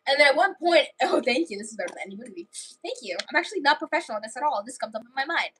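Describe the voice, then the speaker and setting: A woman on a livestream rambles through a made-up story, full of fillers and restarts. Her voice is high and bright. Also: expressive, very fast, slight background noise, low-quality recording.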